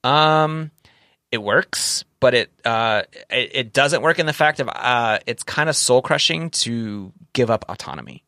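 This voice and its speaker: A man's voice: mid-range voice, animated, unhurried, sharp tone, no room sound, clean studio sound. A man co-hosting a podcast in casual chat, rambling and correcting himself, candid and swearing now and then. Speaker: podcast co-host.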